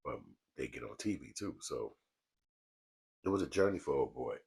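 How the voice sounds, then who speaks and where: A man hosting his own vlog, talking to a small camera alone in a studio in a calm, low, mellowed-out tone, with loose street talk and swearing. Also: moderate pace, gravelly, slightly rough. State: relaxed from smoking. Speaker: vlog host. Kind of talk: casual commentary to camera. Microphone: small camera mic.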